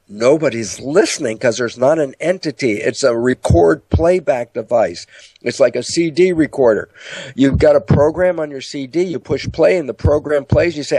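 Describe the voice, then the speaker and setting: A man's voice: husky, no echo. A man giving a lecture-style talk about the mind, telling stories and acting out inner dialogue. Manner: animated storytelling, acts out inner dialogue in higher voices. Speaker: speaker on biology and the mind.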